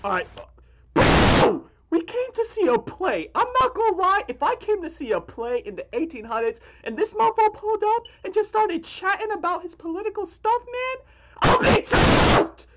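A young man hosting a reaction video from a small room at home, loud and excitable, full of slang. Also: very high voice, normal speed, very noisy. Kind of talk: casual reaction commentary.

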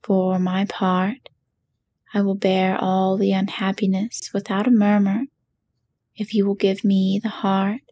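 A woman's voice: medium pitch, little pitch movement, slow, warm tone. A woman voicing an earnest, stoic male tin man who wants a heart, in whispered role-play.

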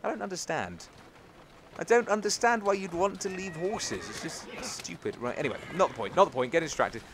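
A British man from England giving excitable let's-play commentary, cheering and scolding the game as he plays. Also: on the high side, fairly quick, noisy background. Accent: British English. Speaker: gaming channel host.

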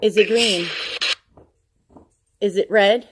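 A woman speaks in a casual, curious way as she records at home, posing slow questions one after another with pauses. Her voice sits at an ordinary pitch. A faint hiss and occasional clicks run underneath. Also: fairly even intonation. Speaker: vlogger running a ghost hunting session. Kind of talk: casual chat, asking questions aloud. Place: indoors at home with a dog nearby.

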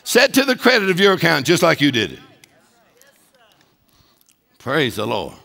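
A man preaches with a high, bright voice that swoops up and down and carries a gravelly edge. He is emphatic and swells into shouted declarations. His voice rings with a long reverb from a large hall. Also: wildly swooping pitch, unhurried. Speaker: guest preacher. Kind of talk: sermon.

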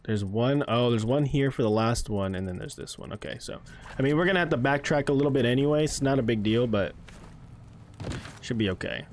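A man streaming a horror game, chatting casually with his viewers and swearing and yelling when the game startles him. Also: mid-range voice, a little fast, a little hiss or hum. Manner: excitable, swears and yells at the game; chats with his chat between gameplay. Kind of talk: casual live-stream commentary. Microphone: streaming microphone close to his face.

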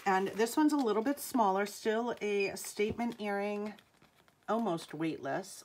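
A woman's voice: mid-range voice, a little slow, a little mellow, slight background noise. A middle-aged woman with a New England accent hosting a live jewelry sale, chatting with viewers and calling out item numbers.

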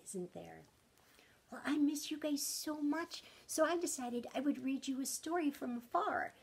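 A woman in her thirties or forties reading a picture book aloud to children, speaking gently and stopping often to ask them questions. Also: high voice, breathy edge. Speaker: storytime reader.

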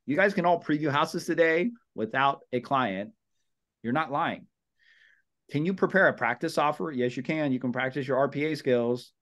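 A man's voice: a little high, moderate pace. A man coaching real estate agents at a team meeting. He speaks casually and with energy, repeats his points, and calls his listeners "guys" and "brother.". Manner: energetic, repetitive, acts out sample phone calls. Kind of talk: team meeting training talk.

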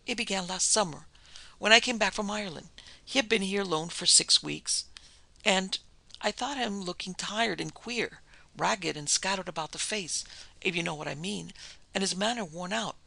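A narrator voicing Mrs Pender, an anxious, timid middle-aged wife who rushes her words nervously. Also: mid-range voice, vocal fry, bright, forceful tone, pitched above the performer's own voice. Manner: nervous, tremulous rush of words.

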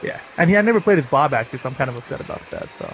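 A man's voice: mid-range voice, animated, rapid-fire, creaky, fairly bright tone, slight background noise, low-quality recording. A man co-hosting a casual chat, laid-back and laughing easily. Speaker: co-host. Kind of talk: casual chat over match footage.

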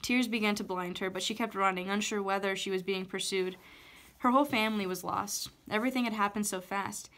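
At a fairly quick clip, a woman teacher reads a novel's chapter aloud, her mid-pitched delivery even and unadorned as she tells the story.

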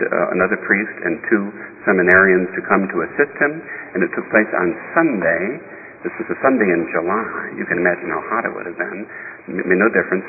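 A deep-voiced man preaches a sermon as a bishop, telling a story slowly with pauses and small restarts. His voice carries a long church reverb. The sound is thin and phone-like, with a faint hiss behind it. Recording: reverberant church heard over a tinny, lo-fi line with faint hiss.

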